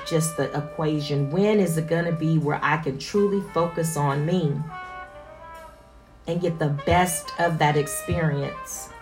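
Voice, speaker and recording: Slow, earnest woman in her forties. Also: sits low, darkish tone. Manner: earnest, emphatic repetition. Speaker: mother sharing reflections. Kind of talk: personal reflective monologue.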